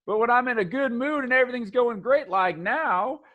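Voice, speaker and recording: A man voicing an excitable young male tattoo artist, eager and chatty. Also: very high-pitched, fairly quick, lo-fi sound, voice pushed up.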